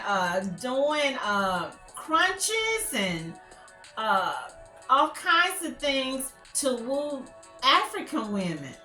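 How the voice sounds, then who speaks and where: A woman's voice: on the high side, bright, forceful tone. A woman hosting a casual commentary vlog, chatty and gossipy, rambling with lots of fillers. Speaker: YouTube channel host. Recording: echoey room with faint music.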